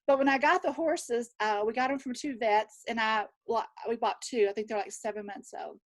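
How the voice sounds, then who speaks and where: A woman's voice: fairly high pitch, moderate pace, no room sound. Older Southern woman with a drawl. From Texas. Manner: lively, chatty, drawling. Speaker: panel guest, nurse. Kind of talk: casual storytelling on a video call. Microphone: video call.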